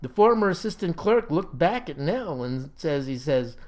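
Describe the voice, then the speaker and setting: A man narrating a comic story in a folksy, deadpan manner. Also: on the high side, normal speed.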